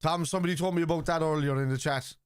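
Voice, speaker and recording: Sweary Irish football streamer, dry close mic. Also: male voice, on the high side, very fast, clean tone, no room sound. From Ireland. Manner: blunt, sweary, excitable shouts at goals. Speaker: football watchalong host. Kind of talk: live watchalong chat reacting to chat.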